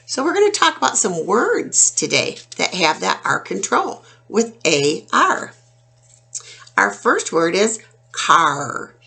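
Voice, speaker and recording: Slow-spoken woman teaching phonics. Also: mid-range voice, wildly swooping pitch, bright, forceful tone. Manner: slow, clear, drawn-out sounding of words. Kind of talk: phonics lesson for young children.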